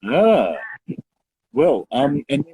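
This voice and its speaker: A young man co-hosting a casual live show, chatty and quick to laugh, calling his partner mate. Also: a little high, sing-song, dark tone, slight background noise, poor audio. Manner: chatty, laughs often, says mate a lot. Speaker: co-host.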